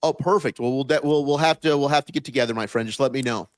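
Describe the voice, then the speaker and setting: A man's voice: mid-range voice, quick pace, no echo. An American man, a sports radio host, chatting casually as a podcast guest with lots of fillers and restarts. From United States. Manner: talkative, frequent restarts and fillers.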